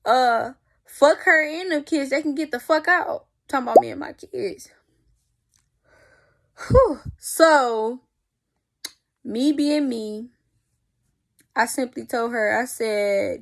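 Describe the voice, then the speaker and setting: A young woman telling a story in a casual vlog, animated and profane, with spoken sound effects. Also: high-pitched, takes it slowly, creaky, pauses often. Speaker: vlogger.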